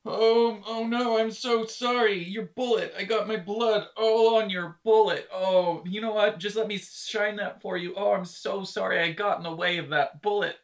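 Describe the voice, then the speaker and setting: A man's voice: high-pitched, fairly even intonation, moderate pace, few pauses, far from the mic, pitched above the performer's own voice. A man voicing a man who has just been shot and keeps apologizing frantically. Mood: frantic apologetic. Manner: flustered, apologizing nonstop.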